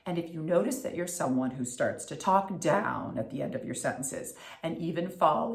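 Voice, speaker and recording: A woman voice coach giving an upbeat tutorial, enunciating crisply. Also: medium pitch, moderate pace, a little mellow, roomy sound. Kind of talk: instructional tutorial.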